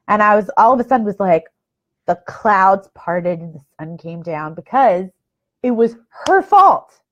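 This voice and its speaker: Young woman host, casual livestream chatter, exasperated and self-deprecating, slightly muffled lo-fi sound. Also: medium pitch. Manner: chatty, self-mocking, exasperated, swears freely. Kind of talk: casual live video chat. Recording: slightly dull, lo-fi livestream audio.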